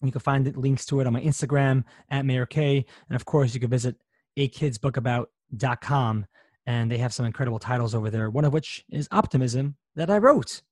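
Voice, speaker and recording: A man's voice: mid-range voice, fairly even intonation, brisk, darkish tone, dry recording, studio quality. A man hosting a podcast, reading an upbeat, chatty intro and then talking with a guest. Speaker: podcast host.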